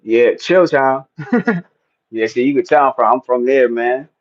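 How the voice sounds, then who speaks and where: A man with a North Jersey accent chats on a livestream in a relaxed, slangy way, laughing often. His voice sits at an average pitch. The audio is somewhat dull and lo-fi. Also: moderate pace. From New Jersey. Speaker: livestream host. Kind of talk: casual livestream chat.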